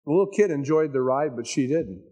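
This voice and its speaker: A man preaching with a voice a touch higher than most men's. He tells stories in a folksy, chatty way and drags out the words he wants to land. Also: lively intonation, mellow, breathy edge. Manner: conversational storytelling, folksy asides; emphatic, slows down on key points. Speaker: pastor. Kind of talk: sermon.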